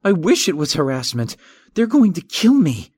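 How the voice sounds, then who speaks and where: A man's voice: a little high, big pitch swings, normal speed, darkish tone, breathy edge, no echo, voice pushed up. A man voicing a frightened young man in his twenties whose voice shoots up in panic. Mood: panicked. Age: 20s. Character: frightened young male bookstore clerk.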